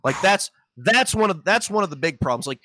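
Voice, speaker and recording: A man's voice: sits high, expressive, a little fast, bright, forceful tone, a little hiss or hum. A man calling in to a talk show, ranting heatedly and swearing a lot. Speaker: caller. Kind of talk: casual call-in chat.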